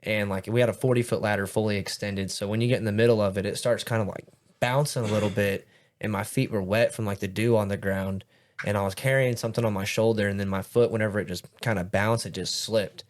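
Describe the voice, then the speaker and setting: Host role: young guy, low voice, rambling swear-heavy storyteller in casual chat. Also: steady tone, fast talker. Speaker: podcast host.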